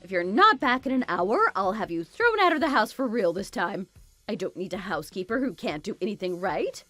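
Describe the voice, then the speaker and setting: A woman's voice: mid-range voice, sing-song, fairly quick, bright, forceful tone, dry recording, soft background music. Woman playing a bossy, spiteful mother-in-law. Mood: scolding. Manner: scolding, contemptuous, bossy. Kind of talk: dramatized story voice acting.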